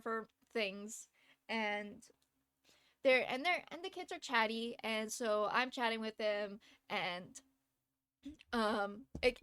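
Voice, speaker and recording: A woman's voice: on the high side, a bit bright, dry recording, clean studio sound. Giggly, chatty woman streamer. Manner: giggly, laughs often between phrases; chatty, lots of fillers and restarts. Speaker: live streamer. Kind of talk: casual storytelling.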